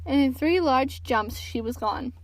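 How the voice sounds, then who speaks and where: A woman narrating a children's storybook aloud, gentle and expressive. Her voice sits high, and the recording is dry and close with no room sound. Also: a little slow, no room sound, low-quality recording. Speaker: podcast storyteller.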